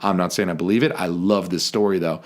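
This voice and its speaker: Low-voiced chatty man co-hosting a podcast. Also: steady tone, fast. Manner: chatty, profane, jokey storyteller. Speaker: podcast co-host. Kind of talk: casual podcast chat.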